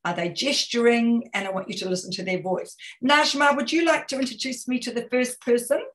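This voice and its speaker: A woman from New Zealand, a communication consultant, coaching an online audience on a video call with direct questions and lively energy. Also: fairly high pitch, fairly quick, poor audio. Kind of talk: webinar coaching talk.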